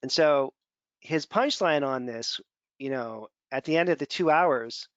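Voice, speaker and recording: A man's voice: medium pitch, unhurried, a bit bright, no echo. A man teaching a class over slides in a casual, digressive way, often repeating words while he thinks. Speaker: functional medicine instructor. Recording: dull, dry lo-fi sound.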